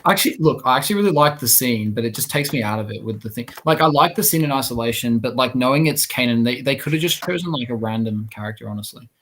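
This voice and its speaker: A man co-hosting a casual podcast, talking in a loose, rambling way. He trips over his words and circles back, filling gaps as he goes. His pitch sits in an ordinary middle range. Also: quick pace, hardly any pauses, a bit bright, a little hiss or hum. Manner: rambling, many restarts and "like". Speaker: podcast co-host. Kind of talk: casual chat.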